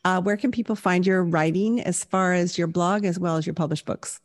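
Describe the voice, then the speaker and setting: An older woman with a somewhat low voice hosts a faith-based interview show. She speaks in an affirming, encouraging way to her guest. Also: fairly even intonation, moderate pace. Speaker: podcast host.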